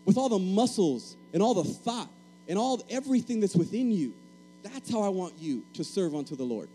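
A man from Puerto Rico preaches with emphasis, his high voice pressing key phrases again and again. His tone is mellow and dark. A faint mains hum runs underneath. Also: very animated, moderate pace, rough recording. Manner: emphatic, repeats key phrases, asks the congregation to respond. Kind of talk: sermon.

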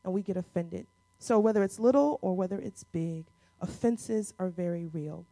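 A woman in her forties preaching a sermon, with playful asides and key lines repeated slowly for the congregation. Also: dry recording. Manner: playful asides with quick dips into a low, quiet voice. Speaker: pastor.

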